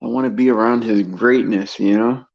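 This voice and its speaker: A man hosting a casual Christian livestream, talking haltingly with many fillers and repeated words, and leading a prayer. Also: fairly low pitch, steady tone, vocal fry, no room sound. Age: adult father of a son over eight. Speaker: livestream host. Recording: dull lo-fi stream mic.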